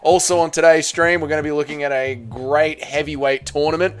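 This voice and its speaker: A man's voice: a little high, fairly even intonation, a little fast. An Australian man hosting a casual livestream, chatting and greeting viewers one after another with plenty of slang. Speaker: livestream host.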